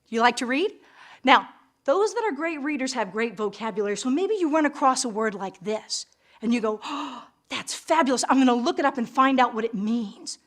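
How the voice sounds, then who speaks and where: Brief: middle-aged woman, lively English teacher with a slightly high voice, playful and dramatic. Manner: enthusiastic, theatrical, with playful asides. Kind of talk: recorded classroom lesson.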